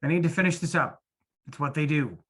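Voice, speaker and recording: A man's voice: a little high, brisk, a bit bright, breathy edge. A man voicing a menacing dead opal miner with a South African accent, cold and coaxing in an online play reading. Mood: coaxing menace.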